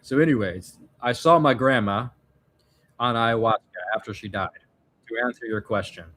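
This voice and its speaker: A man's voice: mid-range voice, moderate pace, fairly bright tone. Rambling, reflective man telling stories. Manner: rambling, reflective, many fillers and restarts. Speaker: vlogger answering viewer questions. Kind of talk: casual storytelling monologue.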